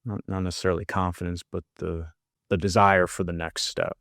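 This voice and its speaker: A man's voice: low-pitched, little pitch movement, brisk, gravelly, a bit bright, no room sound, studio quality. A man who fights, talking through his thoughts in a casual podcast chat, often restarting his sentences. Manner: reflective, searching for words with many restarts.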